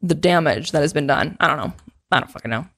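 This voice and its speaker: A woman's voice: low voice, expressive, fast, a bit bright, breathy edge. A woman co-hosting a casual gossip podcast, rambling with lots of "like" and swearing freely. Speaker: podcast co-host.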